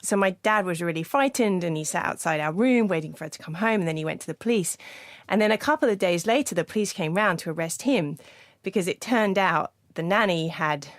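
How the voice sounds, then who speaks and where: Lowish woman author, studio interview, dry close sound, earnest storytelling. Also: lively intonation, no echo. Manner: earnest storytelling, quick restarts. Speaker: author guest. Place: podcast studio.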